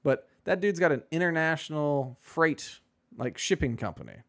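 A man's voice: a little high, animated, moderate pace, creaky. A man co-hosting a podcast in casual chat, rambling and sarcastic with many fillers. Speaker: podcast co-host.

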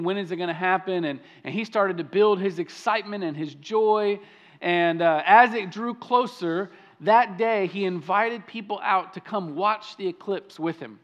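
A man's voice: high-pitched, a bit bright, highs cut off. A man preaching a sermon, telling stories in a conversational way with frequent restarts. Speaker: pastor.

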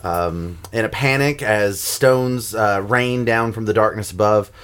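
A man's voice: on the low side, a little slow, fairly bright tone, clean tone. A man running a tabletop game as game master, narrating with frequent ums and uhs. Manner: hesitant, lots of ums and uhs while narrating.

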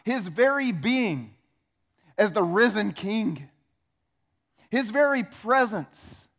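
A man preaching a sermon, animated and emphatic, asking rhetorical questions of his congregation. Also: high-pitched, slow, gravelly. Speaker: pastor.

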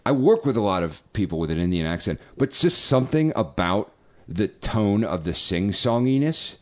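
A man's voice: on the low side, big pitch swings, moderate pace. A man co-hosting a casual comedy podcast, wry and self-deprecating, swearing freely. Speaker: podcast co-host.

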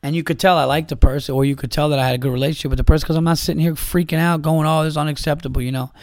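A man's voice: fairly high pitch, steady tone, rapid-fire, a little mellow, dry recording. Exasperated, rambling man, dry close sound. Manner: rambling, exasperated, profane, many restarts. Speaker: podcast host. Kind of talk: casual solo podcast monologue.

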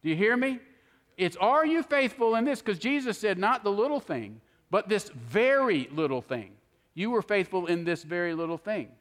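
A man's voice: high-pitched, fairly bright tone. A man preaching a sermon in an emphatic way, acting out the voices he quotes. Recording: long hall reverb.

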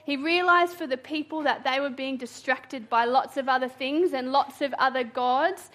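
Preaching a sermon, a woman tells a personal story with animation and frequent laughter. She has a high voice and speaks at a moderate pace.

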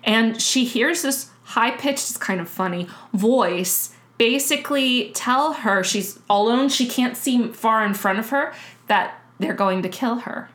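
A woman's voice: fairly high pitch, unhurried, fairly bright tone. A woman co-hosting a casual history chat, telling the story with lots of fillers and restarts. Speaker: podcast co-host.

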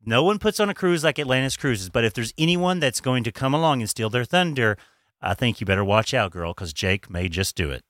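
Bright-voiced gossipy man chatting. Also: medium pitch, animated, fairly quick, no echo, clean studio sound. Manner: chatty, gossipy, laughs often. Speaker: co-host. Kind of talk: casual chat.

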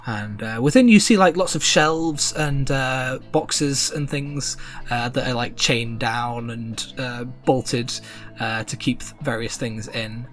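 A woman's voice: very deep voice, slow pace, soft background music. A woman narrating a tabletop game as game master, hesitant and full of fillers.

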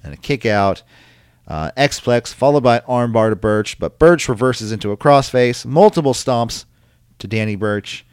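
This podcast host chats casually through a wrestling recap, rambling and filling it with ums and likes. His medium-pitched voice is expressive, clear, and resonant, a little slow, and free of echo.

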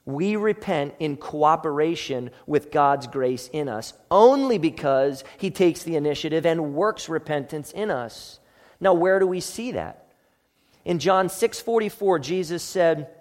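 A man's voice: fairly high pitch, animated, a little slow, in a large hall. A man preaching a sermon in an earnest, emphatic, explanatory way. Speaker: pastor.

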